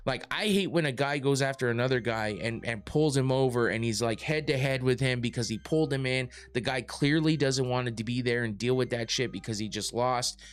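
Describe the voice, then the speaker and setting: A man's voice: medium pitch, brisk, few pauses. A man hosting a casual podcast, rambling through his points with lots of fillers, restarts and swearing. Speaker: podcast host reading live chat.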